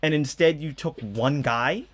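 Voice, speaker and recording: A man's voice: on the high side, a little slow. A man giving casual movie reaction commentary, incredulous and rambling with exasperated asides. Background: movie audio playing.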